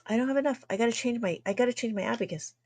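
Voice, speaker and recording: Woman, livestream abacus tutor, slightly high voice, chatty and quick to laugh. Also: a little mellow. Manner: chatty, laughs often, talks fast, tries to slow down. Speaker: abacus math teacher. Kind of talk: livestream math lesson.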